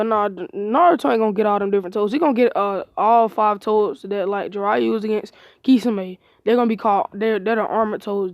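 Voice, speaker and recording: A woman's voice: mid-range voice, a little mellow, no room sound. A woman casually improvising a fan-fiction story, rambling with frequent restarts and slangy grammar.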